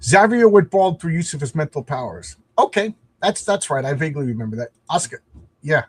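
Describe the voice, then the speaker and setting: A man's voice: on the high side, big pitch swings, brisk, breathy edge, dry recording. A man hosting a casual livestream, chatting in a rambling, self-deprecating way with frequent restarts. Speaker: comic book creator and livestream host.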